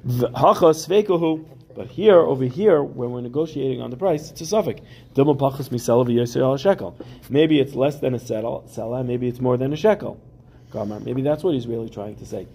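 Gravelly, mellow man teaching Talmud. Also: medium pitch, brisk, a little hiss or hum. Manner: reads Aramaic text then explains it in casual English with everyday examples. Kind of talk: Talmud class lecture. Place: classroom with students.

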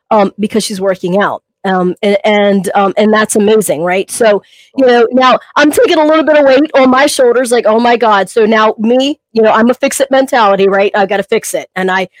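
A talkative woman with a fairly high voice tells a long story on a podcast, looping back on herself with plenty of fillers. She speaks as a personal trainer and gets emotional as she goes. The sound is dry and close, with no room around it. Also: no room sound, rough recording. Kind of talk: casual podcast chat.

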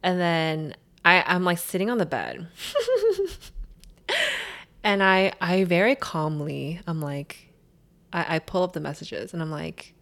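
A young woman with a slightly low voice tells a long story in a relaxed, chatty way. She rambles, circling back and packing her sentences with fillers. The talk is loose and unscripted. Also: measured pace, vocal fry, long pauses. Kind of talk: casual chat.

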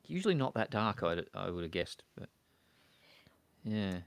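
Casual male film-chat host, low voice, halting and chatty, dry close sound. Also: very animated, vocal fry, smooth, no room sound. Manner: hesitant, many fillers and restarts, chatty.

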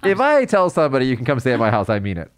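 A man hosting a podcast in casual chat, animated and teasing, laughing often. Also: medium pitch, very fast, clean tone, no echo, clean studio sound. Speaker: podcast host.

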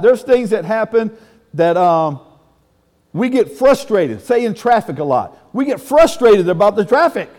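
High-voiced man preaching in a reverberant hall. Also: a little mellow. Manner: folksy, emphatic preaching with exclamations. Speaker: pastor. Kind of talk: sermon.

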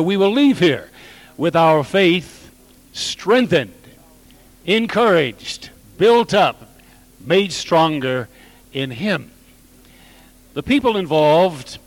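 Slow, dynamic male preacher. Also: fairly high pitch, no room sound. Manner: slow, measured preaching with dramatic swells and drops in volume. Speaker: pastor. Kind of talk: sermon.

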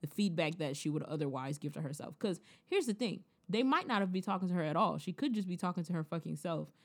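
A woman in casual chat, recapping a TV episode in a blunt, profane, animated way. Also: lowish voice, fast.

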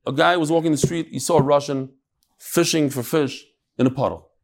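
Middle-aged male Talmud teacher, informal class, a touch high, explains point by point. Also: creaky. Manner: explains step by step, with quick asides.

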